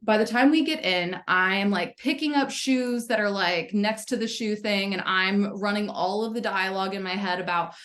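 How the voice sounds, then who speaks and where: A woman's voice: mid-range voice, moderate pace, a bit bright. Candid woman telling a story in a sermon. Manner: candid storytelling with frequent swearing and "right?" check-ins. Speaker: spiritual community leader. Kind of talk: casual spoken sermon.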